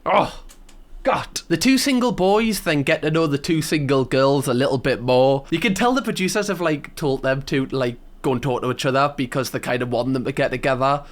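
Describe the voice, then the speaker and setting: A man's voice: medium pitch, lively intonation, moderate pace. A young man, giving casual, sarcastic reaction commentary full of "like". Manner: chatty, sarcastic, lots of "like". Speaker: YouTube reactor.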